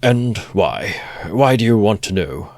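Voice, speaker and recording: A man's voice: fairly low pitch, big pitch swings, measured pace, darkish tone, dry recording. A man voicing a sly, teasing investigator. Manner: teasing, good-humoured, needling questions. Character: sly, ironical middle-aged male investigator.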